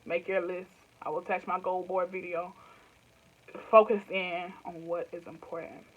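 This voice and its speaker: This is a YouTuber in her twenties with a Southern US accent, chatting casually to camera in loose, rambling phrases and laughing often. Her voice is lowish with a level tone at a normal pace, and the recording quality is low.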